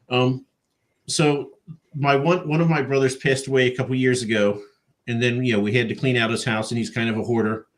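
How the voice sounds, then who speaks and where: A middle-aged man hosting a casual video-call interview, telling stories in a dry, rambling way. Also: medium pitch. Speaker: podcast host.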